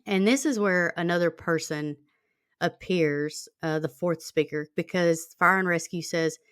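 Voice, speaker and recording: A woman's voice: on the low side, unhurried, a bit bright, no room sound, studio quality. A woman hosting a true-crime podcast, reading out a call transcript in a plain conversational way with many fillers. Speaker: podcast host.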